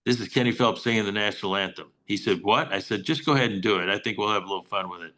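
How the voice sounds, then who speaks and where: An older man with a bright, ringing voice, spinning long anecdotes in a relaxed interview. He slips into the people he quotes as he goes, chuckling along the way. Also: on the low side, very fast, low-quality recording. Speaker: Mariners broadcaster, guest. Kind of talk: casual interview chat, storytelling.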